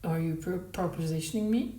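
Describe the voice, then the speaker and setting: A woman reading a novel aloud, voicing a bewildered, awkward married man in plain, flat replies. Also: lowish voice, brisk, distant mic, natural voice. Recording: roomy, from the mic.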